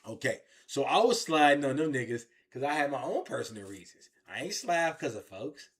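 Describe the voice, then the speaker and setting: A man telling his own story in an interview, animated and repetitive, with heavy street slang. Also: medium pitch, fairly quick. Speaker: interview guest.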